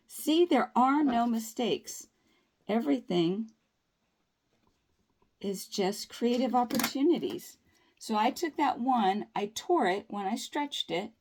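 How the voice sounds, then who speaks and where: A woman's voice: fairly high pitch, a little mellow. A woman chatting upbeat and reassuring through a nail tutorial, with folksy phrasing. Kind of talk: casual tutorial talk.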